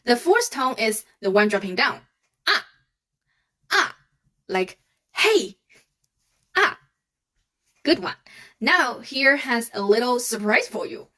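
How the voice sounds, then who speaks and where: Higher-voiced woman teaching a language. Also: expressive, normal speed, fairly bright tone. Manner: patient, demonstrates sounds aloud. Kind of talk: online language lesson.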